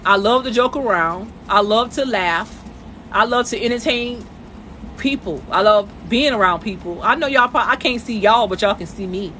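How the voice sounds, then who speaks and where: Woman, live streaming from bed at home, bright tone, emotional and chatty, faint noise behind. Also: on the high side, moderate pace. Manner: emotional, conversational, addresses viewers directly. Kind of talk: casual live-stream monologue. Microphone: phone.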